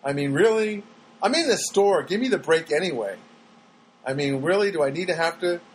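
High-voiced man ranting sarcastically about daily life, faint noise behind; casual monologue read. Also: lively intonation, normal speed, poor audio. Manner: rambling with restarts. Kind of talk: storytelling monologue.

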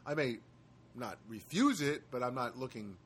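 Man host, mid-pitched, talking loosely to camera in a chatty monologue, rambling with wry asides; faint hiss behind him. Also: expressive, normal speed. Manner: rambling storyteller, wry asides, frequent hesitations. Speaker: host of his own live show. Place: studio apartment.

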